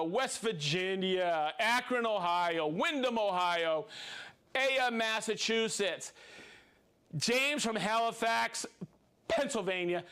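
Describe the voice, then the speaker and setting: Male stream host, high voice with big swings, cheery shout-outs to viewers. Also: clear, resonant tone. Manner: upbeat, cheering, chatty asides. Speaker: livestream host.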